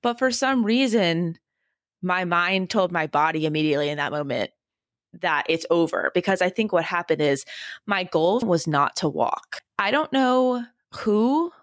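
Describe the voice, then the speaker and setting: Candid woman podcast host, slightly low. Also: a little slow, no room sound, clean studio sound. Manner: candid, animated storyteller who laughs often. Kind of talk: casual chat.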